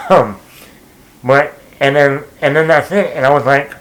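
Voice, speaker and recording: A young man giving a casual spoken movie review, rambling, often restarting and repeating words, with animated asides. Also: on the high side, a little slow, rough recording.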